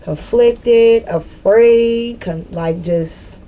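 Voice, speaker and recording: A woman's voice: fairly high pitch, very slow, dark tone, a little hiss or hum, rough recording. A woman giving a casual tarot reading straight to her viewers, swearing freely and laughing often. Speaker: tarot reader.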